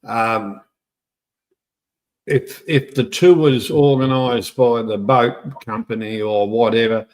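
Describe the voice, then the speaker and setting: A man co-hosting a podcast, speaking haltingly with repeated words and a blunt way of putting things. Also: mid-range voice. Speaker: podcast co-host. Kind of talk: casual chat.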